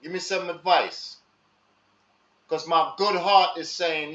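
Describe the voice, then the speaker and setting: A man talking casually and slowly to his live audience in street slang, asking viewers for their advice. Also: a little high, steady tone, pushed and bright. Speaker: live stream host. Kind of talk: casual monologue to live chat. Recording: echoey room, dull lo-fi sound.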